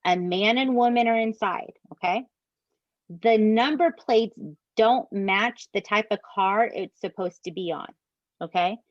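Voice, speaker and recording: A woman's voice: medium pitch, unhurried, no echo. A woman hosting a podcast, telling a true-crime story in casual, emphatic chat with co-hosts. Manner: animated, profane, emphatic asides to co-hosts. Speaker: podcast host. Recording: dull dry podcast mic.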